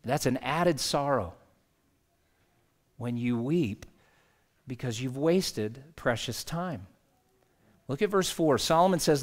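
A man's voice: medium pitch, lively intonation, takes it slowly, long pauses. A male pastor preaching a sermon in a conversational, anecdotal way.

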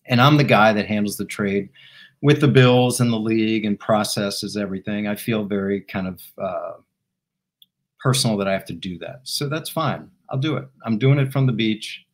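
A man who is a guest and former football team executive, telling an anecdote in an animated way and laughing as he goes. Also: on the low side, normal speed. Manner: animated, laughing while he tells it. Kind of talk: storytelling anecdote in interview.

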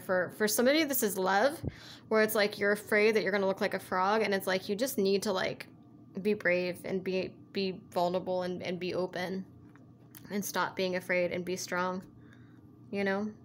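A tarot reader gives a casual reading in a medium-pitched voice, rambling, repeating herself and constantly saying "like" and "you know." Her manner is earnest and coaxing, and there is slight background noise.

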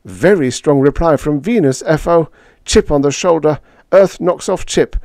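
A man's voice: on the high side, normal speed, a little mellow, dry recording, clean studio sound, voice pushed up, lightly acted. A man voicing a grim male ambassador who briefs in clipped, urgent fragments, in a storybook reading.

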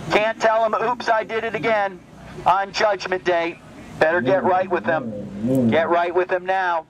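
A man with a high voice preaches outdoors on a city street, calling out passers-by one at a time. He mocks their costumes and repeats every line twice or more, hammering each point home. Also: rough recording. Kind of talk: open-air street preaching.

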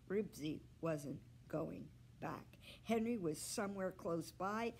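A librarian woman reading a children's book aloud with slow, expressive storytelling. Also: fairly low pitch, gravelly, slight background noise.

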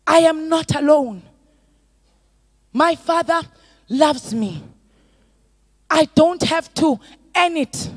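A middle-aged woman pastor preaching a sermon, moving from soft storytelling to loud, drawn-out exhortation. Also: high voice, dry recording.

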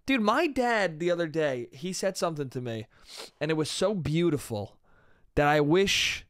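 A man's voice: fairly high pitch, lively intonation, moderate pace, a bit bright, dry recording, clean studio sound. A young man hosting a solo comedy podcast, talking in a loose, rambling way, swearing casually and trailing off. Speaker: podcast host.

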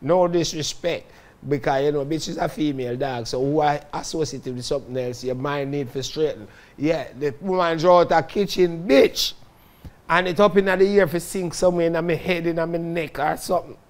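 A man with a Jamaican Patois accent telling stories from his own life in a lively, dramatic way, often calling out to his listeners. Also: a little high, normal speed. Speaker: storyteller recounting his life. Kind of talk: casual spoken autobiography.

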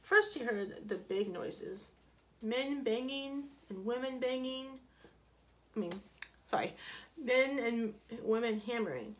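A woman's voice: fairly high pitch, unhurried. A woman reading a picture book aloud to children in a playful way. She asks them questions and acts out the sound effects, with small asides and corrections along the way. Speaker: children's story reader.

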